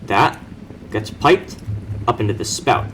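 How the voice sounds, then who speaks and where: A man's voice: medium pitch, sing-song, takes it slowly, fairly bright tone, a little hiss or hum. A young man casually walking through his game base, rambling, correcting himself and making dry offhand jokes. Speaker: player giving a base tour. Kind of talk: casual game walkthrough commentary.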